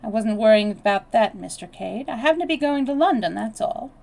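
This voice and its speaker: A woman's voice: a little high, expressive, fairly quick, gravelly, darkish tone. A woman voicing a reticent middle-aged police detective who speaks tersely and politely. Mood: reserved.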